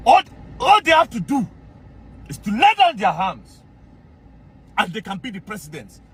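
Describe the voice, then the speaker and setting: A man with a Nigerian accent, ranting in mocking commentary and often shouting. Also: sits high, wildly swooping pitch, normal speed, a little hiss or hum.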